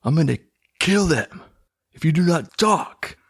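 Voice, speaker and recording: A man's voice: fairly high pitch, lively intonation, measured pace, gravelly, husky, pitched above the performer's own voice, full character voice. A man doing a cold, threatening captor. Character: menacing middle-aged male captor.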